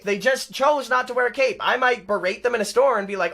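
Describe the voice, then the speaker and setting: A man's voice: sits high, fast, vocal fry, few pauses, fairly bright tone. A young adult man hosting a live-stream show, ranting in a heated, sarcastic, mocking way. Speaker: show host.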